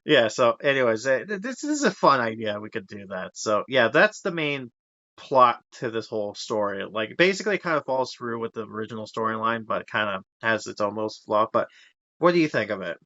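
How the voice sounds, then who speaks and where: A man's voice: mid-range voice, very animated, a little fast, pushed and bright, no room sound, muffled recording. A young man hosting a casual podcast, rambling through a story recap with frequent laughs and fillers. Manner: rambling, laughs often, acts out character voices. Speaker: podcast host.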